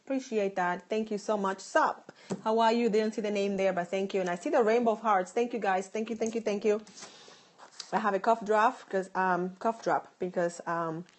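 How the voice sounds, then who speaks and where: A woman's voice: mid-range voice, steady tone, normal speed, slight background noise. A woman in her late thirties with a Boston accent, hosting a live phone stream with a sore throat, upbeat and effusive as she thanks viewers. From Dominican Republic. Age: 30s. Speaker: live-stream host and stylist. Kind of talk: live-stream chat reading viewer comments.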